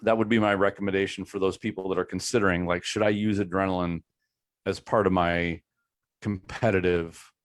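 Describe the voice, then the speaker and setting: A man with a very deep voice offers coaching advice on a discussion panel. He talks in a steady, measured way and keeps reminding listeners that this is just his view. The sound is close and dry. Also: no room sound. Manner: measured, hedges advice as his own opinion.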